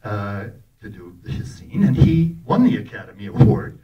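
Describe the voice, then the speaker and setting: Older guy spinning film set stories, lively, laughs a lot, does the voices, sounds a bit far from the mic. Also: fairly low pitch, moderate pace, highs cut off, over music. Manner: animated, laughing, acts out quoted lines. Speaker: actor telling stories about a film. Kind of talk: anecdotal storytelling to an audience. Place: festival talk in a hall. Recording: voice picked up from a distance.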